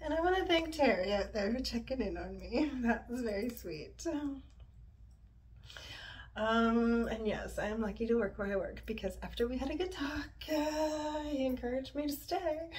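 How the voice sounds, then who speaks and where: A woman's voice: on the high side, moderate pace, a little hiss or hum. Rambling, confessional woman vlogging from her bed. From Montreal, Canada. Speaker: yoga and stretching vlogger. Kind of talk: casual personal vlog chat. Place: her bedroom, sitting on the bed.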